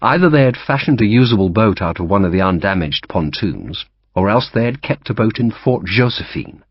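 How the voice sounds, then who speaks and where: A man narrating an audiobook in a lively storytelling manner, giving each character a voice. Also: on the low side, a little fast, breathy edge, no room sound. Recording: dull dry audiobook recording.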